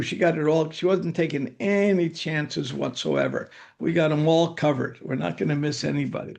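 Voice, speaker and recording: A man's voice: on the high side, expressive, moderate pace, vocal fry, few pauses, a little mellow. An older man giving a scripture lecture, telling anecdotes in a conversational way with dry humor. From United States. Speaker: spiritual teacher giving scripture class.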